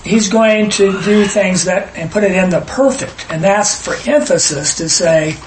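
A man teaching scripture with a fairly high voice, emphatic and prone to tangents as he reads verses aloud. His voice rings in an echoey room, over a faint hiss. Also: a little slow. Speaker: Bible study teacher. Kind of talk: informal Bible teaching.

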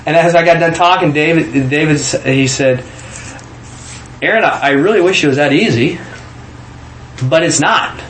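A man's voice: on the high side, moderate pace, long pauses, fairly bright tone, echoey room, slight background noise, rough recording. A man from Kansas telling a personal testimony in a casual storytelling way, acting out the quoted voices with frequent restarts. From Kansas, USA.

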